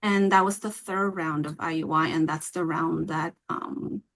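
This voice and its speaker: A woman founder, a guest on a podcast, telling a personal story in a candid, halting way. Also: sits low, steady tone, gravelly, a bit bright. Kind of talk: casual interview chat.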